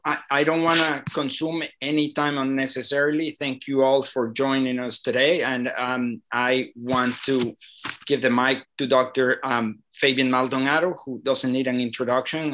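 A man's voice: mid-range voice, fairly bright tone. A man co-hosting a medical webinar, politely handing over to the speaker, hesitant with many fillers. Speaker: hospital program director, co-presenter. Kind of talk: brief handover remarks.

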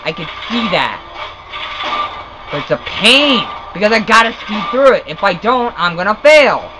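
A young man narrates his gameplay with mounting frustration, yelling and swearing whenever he fails. His voice sits very high and swings widely in pitch. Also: sing-song, moderate pace, poor audio. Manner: exasperated, shouting and cursing at the game. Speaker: let's play gamer.

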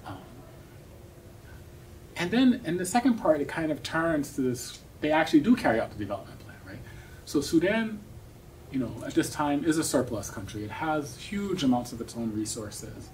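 A man's voice: a little high, very animated, moderate pace, a little mellow. Guy giving a seminar talk, thoughtful, lots of ums and "right?", mic kinda far off, faint hiss. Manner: thoughtful, explanatory, frequent "um" and "right?". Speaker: academic speaker. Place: seminar room. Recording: distant mic with faint noise.

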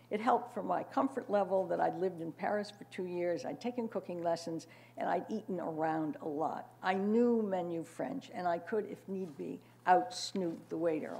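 Very gravelly older woman speaker. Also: lowish voice, darkish tone, a little hiss or hum. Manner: wry, with frequent fillers. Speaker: panel speaker. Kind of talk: prepared panel talk with asides.

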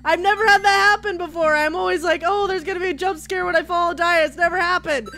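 A woman's voice: very high-pitched, steady tone, fast talker, bright, forceful tone, soft background music. A woman commenting as she plays a horror game, joking along and shrieking at the scares. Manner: jumpy, shrieks at scares, jokey banter. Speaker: video game player.

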